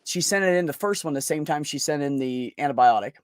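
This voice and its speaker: A man's voice: fairly high pitch, expressive, fairly quick, dry recording, clean studio sound. A middle-aged man hosting a podcast, venting bluntly in casual chat with heavy swearing. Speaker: podcast host.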